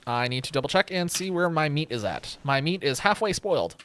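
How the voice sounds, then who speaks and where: A man's voice: on the high side, big pitch swings, a little fast, a bit bright. Wry, rambling young streamer man. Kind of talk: casual gameplay commentary. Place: home room with a webcam.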